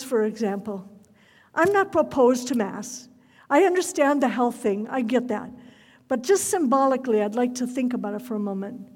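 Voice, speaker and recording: A woman preaching a fervent sermon, her voice rising to loud cries at its peaks. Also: high voice, long reverb tail.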